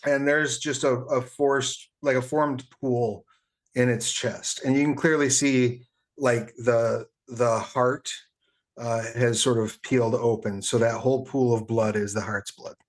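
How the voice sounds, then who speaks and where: A man running a tabletop game as game master, pausing often with fillers while he works out damage rolls. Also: medium pitch, fairly even intonation. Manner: halting, with many fillers while tallying damage.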